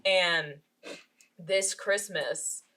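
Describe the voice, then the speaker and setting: A woman's voice: fairly low pitch, extremely slow, pushed and bright. A woman in her twenties co-hosting a podcast, chatting casually and laughing often between fillers. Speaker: podcast co-host.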